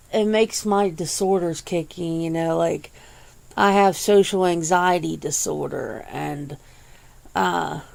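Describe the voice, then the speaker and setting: A woman hosting a casual, soft-spoken ASMR chat, rambling along with easy swearing and frequent laughs, close to the mic. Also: fairly low pitch, gravelly. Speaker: ASMR channel host.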